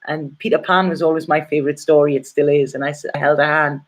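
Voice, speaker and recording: A woman's voice: low voice, flat delivery, brisk, few pauses. A middle-aged woman gives a casual, rambling and heartfelt tarot reading, often checking in with "okay?". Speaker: tarot reader.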